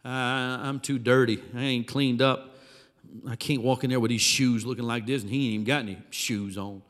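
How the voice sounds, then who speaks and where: A preacher putting on a plainspoken, rough-around-the-edges shepherd man who grumbles and digs in his heels, his voice dropped lower than usual and given a rustic drawl. The sound carries a long reverb from a big hall. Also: steady tone, moderate pace, fairly bright tone, lightly acted. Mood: grumbling. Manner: rustic drawl, stubborn and complaining. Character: rough-spoken reluctant male shepherd, plainspoken.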